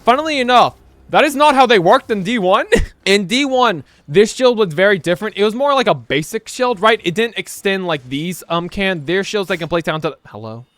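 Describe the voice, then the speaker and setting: A man's voice: high-pitched, expressive, normal speed, a bit bright, dry recording. A young man rambling through casual gameplay commentary, laughing often and tossing in slang and "right?" as he talks. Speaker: gaming YouTuber.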